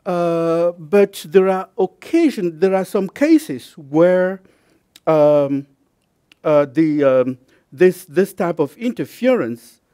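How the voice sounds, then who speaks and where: Halting, slow-paced man lecturing. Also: fairly high pitch, dark tone. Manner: halting, many fillers and repeated words; careful, explanatory. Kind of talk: university lecture.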